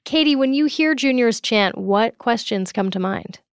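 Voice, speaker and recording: A woman's voice: a little high, lively intonation, moderate pace, clear, resonant tone, no echo, clean studio sound. A woman hosting a radio show who asks her guest curious, playful questions. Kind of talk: radio interview.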